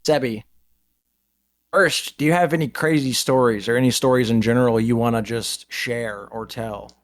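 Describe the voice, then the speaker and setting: A man's voice: mid-range voice, normal speed. A man hosting a podcast, telling long, profane anecdotes in casual chat. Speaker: podcast host. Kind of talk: casual storytelling.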